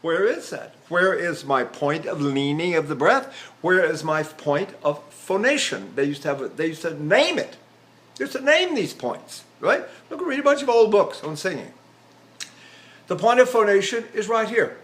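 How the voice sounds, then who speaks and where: A man's voice: a little high, big pitch swings, normal speed, a bit bright. A man in his eighties, a voice teacher, giving a chatty lecture on vocal technique and breaking into sung examples. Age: 80s.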